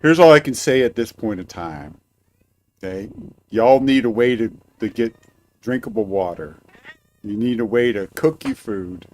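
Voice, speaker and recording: A man's voice: medium pitch, animated, a little slow, a little mellow. A man hosting a live-stream radio show from a cabin, rambling casually with lots of filler and swearing. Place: cabin, indoors.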